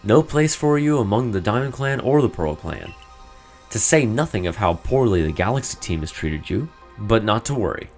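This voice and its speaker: A friendly, smooth-talking young merchant from a game, read aloud by a man. He chats in an ingratiating way, his voice low-pitched but lively in melody. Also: normal speed, soft background music. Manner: chatty, ingratiating. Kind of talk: reading game dialogue aloud in character.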